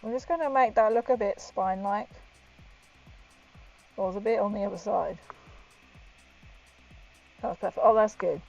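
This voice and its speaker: A woman's voice: mid-range voice, normal speed, vocal fry, pauses often, darkish tone. A woman chatting and giggling to her viewers as she paints miniatures on a live stream, her voice muffled by a helmet she is wearing. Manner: giggly, chatty, talks to viewers while working. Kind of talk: casual live-stream chat. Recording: dull lo-fi stream audio with faint music.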